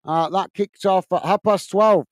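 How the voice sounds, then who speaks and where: Chatty man hosting, clear voice. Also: high voice, unhurried, no room sound. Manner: casual, reads out viewer comments, many fillers. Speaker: host. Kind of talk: live football watch-along chat.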